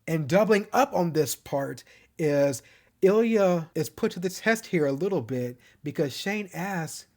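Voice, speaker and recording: A man's voice: on the high side, animated, measured pace. A man recapping and reviewing a TV show in a casual, gushing way, laughing often.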